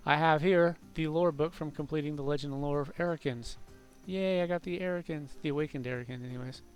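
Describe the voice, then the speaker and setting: A man's voice: on the high side, steady tone, a little fast, few pauses, soft background music. A man rambling through gameplay commentary, talking to himself, mocking his own mistakes and swearing at the game. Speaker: game streamer.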